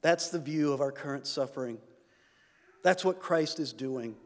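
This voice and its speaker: A man's voice: medium pitch, normal speed, long reverb tail. A man preaching a sermon, earnest, lifting his voice when he reads scripture aloud.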